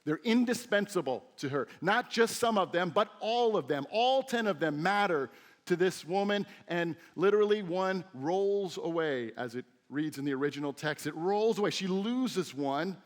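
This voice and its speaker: A middle-aged man preaching a sermon as a teaching pastor, telling stories with lively, acted-out quotes. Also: high-pitched, moderate pace. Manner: animated storytelling with acted-out quotes. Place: church sanctuary.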